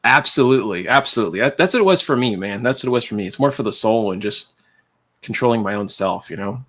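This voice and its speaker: A man's voice: lowish voice, animated, fast talker, fairly bright tone. A man hosting a casual livestream who rambles from one thought to the next, laughs often and calls his viewers man and dude. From California. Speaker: livestream host.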